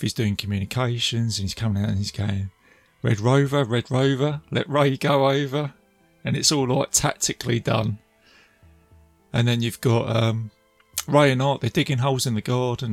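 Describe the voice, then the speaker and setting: A man's voice: medium pitch, vocal fry, dry recording. A man casually retelling a film's scenes, chatty and laughing as he goes. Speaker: film reviewer. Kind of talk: casual film recap.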